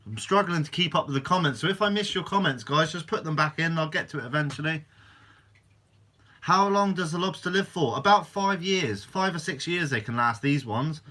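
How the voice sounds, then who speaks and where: Bright-voiced man chatting live. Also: on the high side, expressive, a little fast. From Guernsey, Channel Islands. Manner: chatty, reads out viewer comments and answers them. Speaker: fishing channel host. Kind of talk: casual live-stream Q&A.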